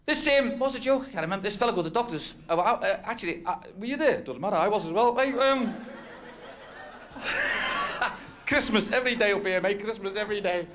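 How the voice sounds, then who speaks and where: Rambling northern club comedian. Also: male voice, sits high, lively intonation, quick pace, hardly any pauses, a bit bright. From North West England. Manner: rambling, self-mocking, laughing at his own jokes. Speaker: stand-up comedian. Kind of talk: club stand-up routine. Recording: noisy old club recording. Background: audience laughter.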